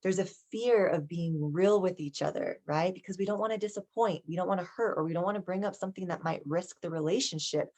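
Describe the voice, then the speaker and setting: Chatty woman teaching, low voice. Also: a little fast, hardly any pauses, a little mellow. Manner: conversational, frequent "right?" and "okay?" check-ins. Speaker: somatic embodiment teacher. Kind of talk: casual teaching monologue.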